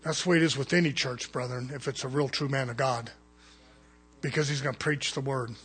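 A man preaching a fervent sermon as pastor, swinging between loud urgent calls and hushed low asides. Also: fairly even intonation, brisk, slightly rough.

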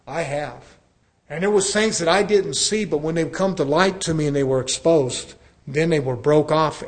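A male pastor preaching a sermon in an earnest way, addressing the congregation as brethren and telling stories with acted-out dialogue. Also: fairly high pitch. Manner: conversational storytelling with acted-out dialogue.

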